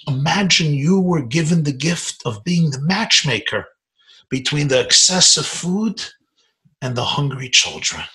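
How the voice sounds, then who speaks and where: A man voicing an elderly rabbi who gives gentle, compassionate counsel in a soft, earnest way. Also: on the high side, heavily acted.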